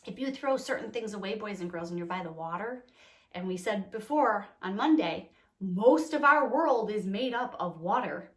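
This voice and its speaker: A young woman teaching a remote lesson to small children, cheerful and encouraging, speaking slowly and clearly. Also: medium pitch, animated, fairly bright tone. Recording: echoey room.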